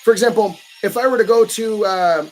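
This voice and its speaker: A man giving a casual livestream talk, animated and often acting out the pushy voices of others. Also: high-pitched, a little fast, soft background music. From United States. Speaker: vlogger.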